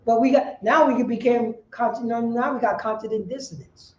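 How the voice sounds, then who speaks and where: Woman street preacher, pretty high voice, lots of why this why that, yells now and then, echoey sound. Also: normal speed, muffled recording, a little hiss or hum. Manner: rhetorical questions, bursts of shouting.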